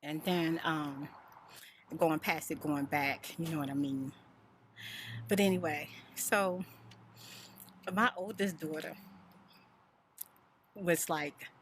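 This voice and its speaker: A middle-aged woman vlogger telling a rambling storytime story in a soft-spoken, chatty way. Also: low-pitched, fairly even intonation, slow pace, pauses often, slight background noise.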